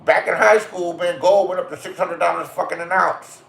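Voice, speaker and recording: A man's voice: sits high, fairly even intonation, moderate pace, vocal fry, a bit bright. A middle-aged man from California giving a crude, confrontational rant full of swearing and street stories. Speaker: vlogger. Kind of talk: profane ranting monologue. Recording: roomy echo.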